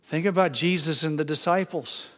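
A male pastor preaching a sermon, emphatic, rising to loud exclamations and dropping low. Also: moderate pace. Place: church sanctuary. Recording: church hall with long reverb.

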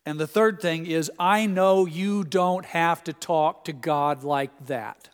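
A man preaching a sermon in a church, telling stories with gentle humor. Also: fairly high pitch, slow, smooth, long reverb tail. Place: church sanctuary.

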